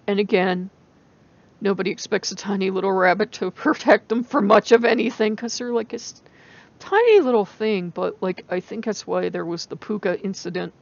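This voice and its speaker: A woman with a rural American country accent, rambling and animated in a casual spiritual vlog, laughing often. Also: mid-range voice, gravelly, no echo. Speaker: channel host. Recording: dull lo-fi recording.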